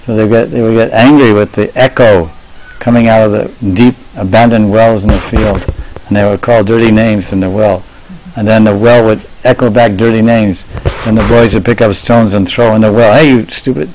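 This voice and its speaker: A monk giving a devotional sermon, telling stories in a measured way and slowing down to stress key words. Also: male voice, lowish voice, level tone, a little mellow, a little hiss or hum, low-quality recording. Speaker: monk lecturer.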